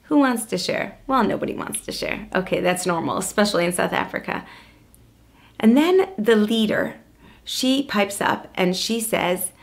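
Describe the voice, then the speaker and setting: A woman educator telling a personal story in an expressive way, her voice swinging from lively to hushed. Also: mid-range voice, moderate pace, vocal fry. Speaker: Jewish educator and coach.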